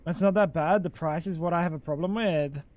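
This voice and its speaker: High-voiced, crude-talking young man streamer. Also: fairly quick, no room sound, muffled recording. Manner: crude, swearing, incredulous. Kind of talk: casual live-stream chat.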